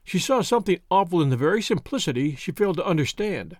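Expressive male audiobook narrator. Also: high-pitched, quick pace, no room sound, clean studio sound. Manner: expressive, voices each character.

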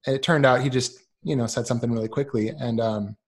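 A man in his thirties tells a story as a guest in a relaxed podcast chat. His voice sits at an ordinary middle pitch, and he fills gaps with ums. He slips into quick impressions when he repeats what other people said. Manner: animated, acts out quoted voices, many ums.

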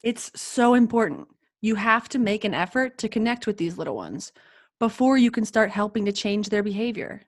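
Woman podcast co-host, teacher type, mid-pitched, enthusiastic and conversational. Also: expressive, normal speed. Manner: enthusiastic, acts out kind phrases to children.

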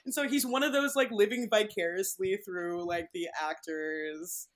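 A woman's voice: medium pitch, fairly even intonation, moderate pace, few pauses. A woman, a stage actor, guesting on a podcast and chatting in a rambling, enthusiastic way with many fillers. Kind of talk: casual chat.

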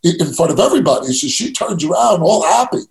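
A brash middle-aged man from New tells his stories in a gravelly voice. He mocks himself and stumbles into quick restarts. His voice sits a little high, and the room around him echoes. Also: animated. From New York. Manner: brash, self-mocking storyteller with stammered restarts. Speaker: guest, real estate agent. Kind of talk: casual storytelling interview.

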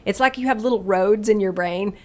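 Animated middle-aged woman explaining. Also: medium pitch, brisk. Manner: animated, acts out the brain's inner voice in playful quotes. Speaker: guest speaker who runs retreats and workshops. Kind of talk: casual explanatory interview talk.

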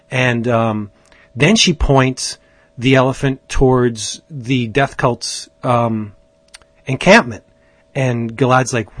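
With a mid-range, slightly bright voice and no room sound, a comic book podcast host rambles eagerly through a casual chat, restarting sentences often.

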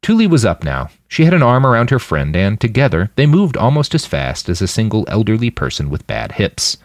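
A man narrating his own serialized fiction in an expressive storytelling manner, close to the mic. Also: on the low side, brisk, dry recording. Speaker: podcast fiction reader. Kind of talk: audiobook narration.

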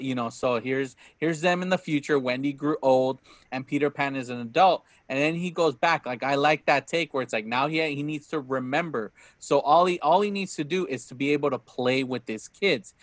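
A man hosting a podcast, chatting casually about a movie in an animated, rambling way with many restarts. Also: mid-range voice, dry recording. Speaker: podcast host.

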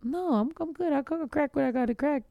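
A woman's voice: high voice, fairly quick, gravelly, no room sound, dull audio. A woman co-hosting a podcast, telling brash, profane stories in casual slang-filled chat. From Mexican heritage. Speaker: podcast co-host.

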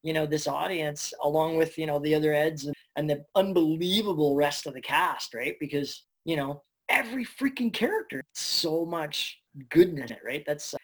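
A man, a voice actor, telling stories in a casual interview, chatty and animated, swearing now and then. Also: on the high side, normal speed, hardly any pauses. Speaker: voice actor guest.

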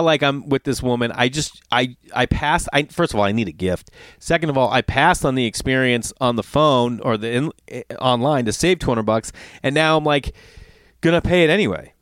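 A man's voice: medium pitch, clean tone, no room sound, studio quality. A middle-aged man telling a long, exasperated story in a casual monologue, swearing often and acting out both sides of the conversation. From Los Angeles area. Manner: animated, profane, exasperated retelling with acted-out quotes.

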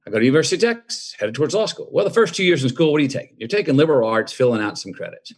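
A man's voice: mid-range voice, lively intonation, rapid-fire, hardly any pauses. A man in his fifties, a guest telling a personal story in a folksy, reflective way and acting out the dialogue he quotes. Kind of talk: conversational storytelling.

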